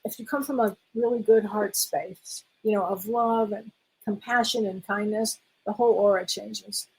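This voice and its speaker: A woman's voice: fairly high pitch, slightly rough, rough recording. A middle-aged woman, a spiritual medium, hosts a casual live-stream question session, reading viewers' comments aloud and calling them honey. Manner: warm, affectionate, calls viewers honey, reads out comments.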